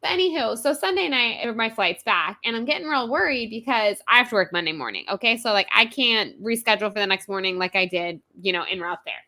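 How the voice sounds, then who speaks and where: A woman co-hosting a podcast, telling a story in a lively, casual way and swearing freely. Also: on the high side, quick pace, hardly any pauses. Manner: animated, profane, self-mocking storyteller. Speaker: podcast co-host.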